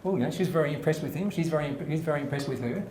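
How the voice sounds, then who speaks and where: A man's voice: on the high side, rapid-fire, a little mellow. A man hosting a live comedy show, telling jokes and laughing along. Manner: chatty, laughs at his own jokes. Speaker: host. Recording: echoey room, faint ambience.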